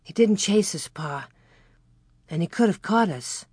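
A woman's voice: mid-range voice, expressive, a little slow, a little mellow, husky, no echo, clean studio sound. A woman reading aloud, voicing a brave, eager young girl who calls out with breathless urgency. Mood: hushed.

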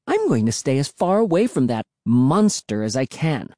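A man's voice: medium pitch, very animated, normal speed, dark tone, no room sound, clean studio sound, close to an everyday voice. A man voicing a bratty older sister who speaks shrilly and nastily, making demands. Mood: cold. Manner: nasty, demanding.

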